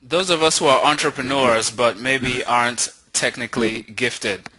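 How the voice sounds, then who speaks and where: A man hosting a webinar, walking listeners through a software demo in an upbeat way and checking in with them often. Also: medium pitch, a little slow, rough recording. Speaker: webinar host. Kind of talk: live software demo walkthrough.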